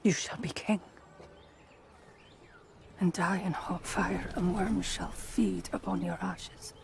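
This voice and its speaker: An actress playing a mysterious hooded fortune teller who speaks her prophecy slowly and in a hush in a TV drama. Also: fairly low pitch, steady tone, vocal fry, a little hiss or hum. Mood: ominous. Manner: slow, hushed prophecy. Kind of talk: TV drama acting.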